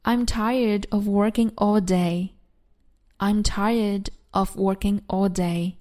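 Female English tutor, measured drill delivery, unhurried, average pitch. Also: fairly even intonation, dark tone. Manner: repeats each phrase slowly and clearly, then translates. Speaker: English teacher. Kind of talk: slow phrase-drill lesson, English then Chinese.

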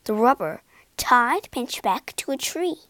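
A woman reading a children's storybook aloud with lively, expressive storytelling. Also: on the high side, no echo. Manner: slow, lively storytelling with big character voices. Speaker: storybook reader.

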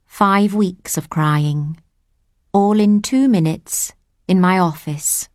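A woman reading a first-person audiobook story in a plain, measured way. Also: lowish voice, a little mellow, no echo, clean studio sound. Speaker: audiobook narrator. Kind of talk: scripted first-person narration.

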